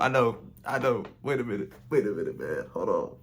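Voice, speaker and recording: A young man hosting a fan channel, giving an emotional, excited postgame reaction rant with lots of repetition. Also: lowish voice, a little fast, few pauses. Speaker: sports fan channel host.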